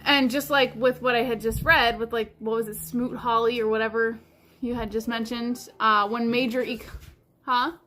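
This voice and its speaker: A woman's voice: fairly high pitch, steady tone, normal speed, fairly bright tone. A woman hosting a livestream in casual chat, rambling along with lots of fillers like "like". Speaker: livestream host.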